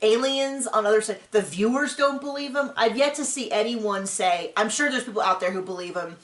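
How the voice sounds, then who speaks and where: Brief: woman host, higher voice, animated chatty storyteller, echoey room. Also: a little fast. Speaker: podcast host. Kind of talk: casual recap chat. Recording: roomy echo.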